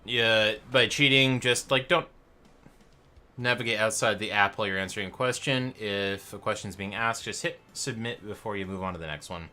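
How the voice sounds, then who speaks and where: A man's voice: lowish voice, moderate pace, sharp tone, slight background noise. A man hosting a trivia night stream, casual and chatty, with showy announcer-style intros and rambling asides. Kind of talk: casual livestream banter. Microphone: headset.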